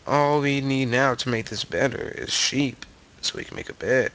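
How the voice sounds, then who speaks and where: A man's voice: mid-range voice, normal speed, fairly bright tone. A man hosting a let's play, rambling through gaming commentary with frequent stammers and self-corrections.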